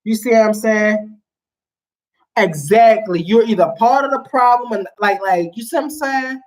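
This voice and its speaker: A woman's voice: on the high side, normal speed, darkish tone. A woman guest in casual chat, telling stories emphatically in slang-heavy talk.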